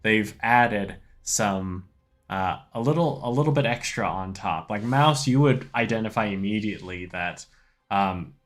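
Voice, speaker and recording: Male game master, low voice, leisurely descriptive narration. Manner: relaxed, unhurried descriptive narration.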